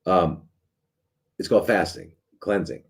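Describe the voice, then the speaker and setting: A man's voice: low-pitched, unhurried, gravelly, breathy edge. A middle-aged man, a doctor hosting a live show, talking casually in a sarcastic, rambling way with many restarts and fillers.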